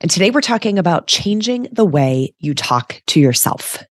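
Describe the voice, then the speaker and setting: Low-pitched female host, slightly stuffy, chatty coach delivery, dry close sound. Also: big pitch swings, moderate pace, no echo. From United States. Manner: chatty, frequent "like" and "right?". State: stuffy from allergies. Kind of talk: casual solo podcast talk.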